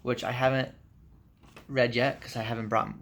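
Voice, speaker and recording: A man's voice: medium pitch, moderate pace. A jet-lagged man giving a rambling, casual vlog update from a hotel room, full of fillers. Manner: rambling, filler-heavy, relaxed chat. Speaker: vlogger.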